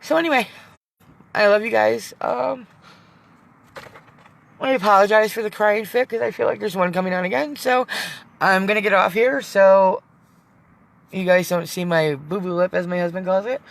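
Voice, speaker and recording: A woman's voice: mid-range voice, steady tone, normal speed, creaky, pauses often. A middle-aged woman chatting on a live vlog from inside her van, rambling, emotional and teary at times, with some swearing. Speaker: vlogger. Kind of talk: casual live-stream chat.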